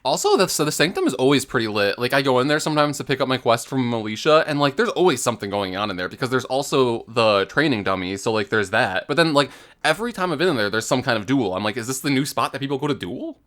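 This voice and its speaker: A man co-hosting a casual gaming podcast, chatting in a relaxed way with lots of fillers. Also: mid-range voice, fast talker. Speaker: podcast co-host.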